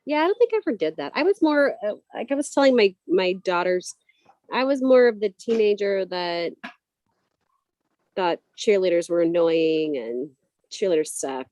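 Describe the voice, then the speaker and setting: A woman's voice: medium pitch, expressive, moderate pace, a little mellow, no echo, dull audio. A middle-aged woman from a Southern California valley, co-hosting a casual chat in a bubbly, chatty way full of "like"s. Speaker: co-host.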